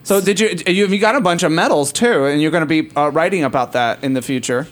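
A man's voice: fairly high pitch, fast talker. A man hosting a casual chat show, joking and flamboyant. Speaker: host.

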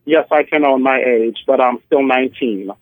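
A man in his 40s who performs in drag talks at a moderate pace and medium pitch, with no room sound. It's a casual interview over the telephone, with a tinny, dry line, and he's theatrical and sassy, addressing people as honey and darling.

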